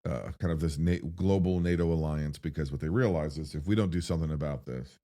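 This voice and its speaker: Male movie-reaction host, very low voice; rambling, profane, excitable delivery. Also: fast. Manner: excitable and rambling, with profanity and big pitch swings when worked up. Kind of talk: spoken film reaction.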